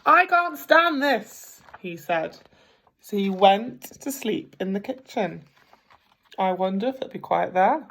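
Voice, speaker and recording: A woman teacher reading a picture book aloud to children at a gentle pace, pausing to ask them questions. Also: medium pitch, creaky. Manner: gentle, slow, asks the listeners questions. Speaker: primary school teacher. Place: home.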